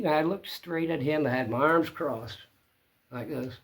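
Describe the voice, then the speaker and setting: A man's voice: on the high side, unhurried. Plainspoken man telling a story. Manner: plainspoken, rambling retelling. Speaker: channel host. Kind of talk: casual storytelling to camera.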